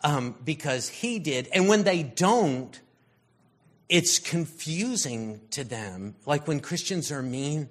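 Husky man preaching in a rambling way. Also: fairly high pitch, lively intonation, slow. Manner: rambling, storytelling, frequent fillers. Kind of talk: conversational sermon.

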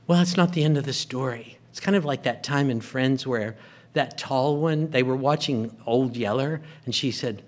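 A man's voice: mid-range voice, normal speed. A man preaching a sermon, retelling a story and acting out the characters' lines.

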